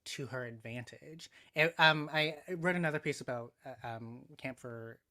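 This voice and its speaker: A man's voice: mid-range voice, moderate pace, bright, forceful tone. A man in casual podcast talk as a guest writer, thoughtful and hesitant, with many fillers.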